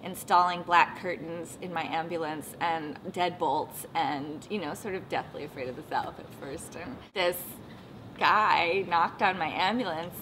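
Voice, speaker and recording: A woman being interviewed about her travels and voice work, talking in an animated, self-mocking way and slipping into short sung demonstrations. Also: on the low side, a little hiss or hum, rough recording. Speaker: interviewee, voice actor and dialect coach. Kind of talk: casual interview with playful demonstrations.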